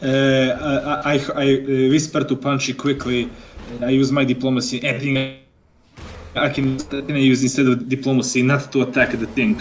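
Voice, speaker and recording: A man's voice: medium pitch, flat delivery, normal speed, a little hiss or hum. A man playing a tabletop game, often stammering and breaking into laughter. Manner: stammering, giggly. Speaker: player. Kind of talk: casual tabletop game chat.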